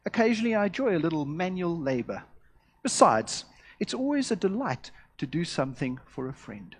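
A man voicing a gracious, dignified gentleman with a courteous, warmly formal manner. The voice sits fairly high and has a husky grain. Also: big pitch swings, brisk, heavily acted. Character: gracious, dignified grown man speaking politely.

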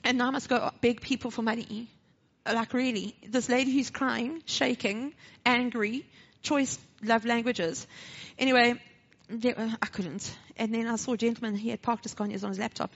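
This church speaker, a woman with a South African accent, talks at normal speed in a slightly high voice. She acts out the dialogue of her personal testimony in animated fashion before turning to a short sermon, all on a dull lo-fi recording.

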